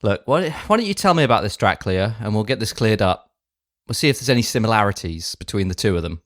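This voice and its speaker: A man in an improvised comedy audio drama, talking in a breezy, dismissive, gently sarcastic way. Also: on the low side, lively intonation, fast, no echo, studio quality. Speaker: comedy podcast co-host.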